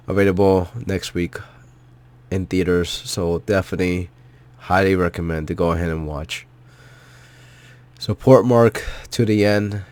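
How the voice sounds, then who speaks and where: Emotional male vlogger, near tears, low dry voice, earnest and repetitive. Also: a little mellow, no echo. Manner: heartfelt, repetitive, swearing. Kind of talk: emotional personal movie reaction.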